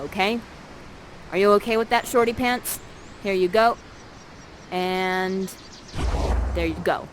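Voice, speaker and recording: A woman narrating an interactive live stage show in a bubbly, playful manner while directing the audience. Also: mid-range voice.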